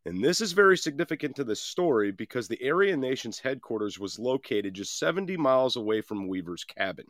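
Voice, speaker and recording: A man's voice: mid-range voice, very animated, fairly quick, dry recording, studio quality. A man hosting a podcast, telling a story in a casual, conversational way with frequent restarts and some swearing. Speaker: podcast host.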